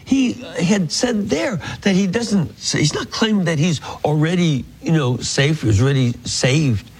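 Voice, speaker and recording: A man teaching a Bible passage, reading verses slowly and then explaining them earnestly. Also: on the high side, animated, slightly rough, poor audio. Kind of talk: scripture teaching.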